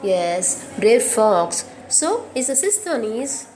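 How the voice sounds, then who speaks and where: A woman with an Indian English accent teaches a grammar lesson in a fairly high voice. She repeats each sentence, spells words out and checks in with the class. A faint hiss sits under the recording. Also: sing-song, slow, darkish tone.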